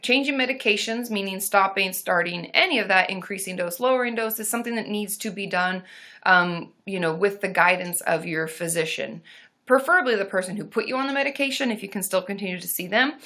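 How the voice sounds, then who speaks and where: A young woman therapist answering viewer questions on a casual live stream, chatty and warm, with sudden loud whooping between answers. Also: medium pitch, fairly quick. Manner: chatty, reads viewer comments aloud, bursts into loud monkey whoops.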